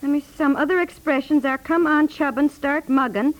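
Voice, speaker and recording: An actress playing a sensible, exasperated middle-aged wife in a 1950s radio comedy, brisk and a little teasing. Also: female voice, high-pitched, natural voice, low-quality recording.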